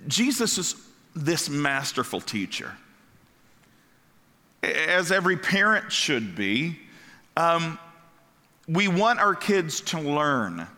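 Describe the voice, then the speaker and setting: Bright high-voiced male pastor preaching. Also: takes it slowly, pauses often. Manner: animated, rhetorical questions to the congregation. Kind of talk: sermon. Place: church sanctuary. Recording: long hall reverb.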